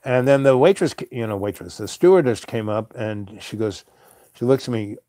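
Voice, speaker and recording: A man rambles through a late-night story, hesitant and full of fillers and soft chuckles. His voice is mellow and warm, recorded dry and close with no room sound. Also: medium pitch, moderate pace, no room sound. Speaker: host.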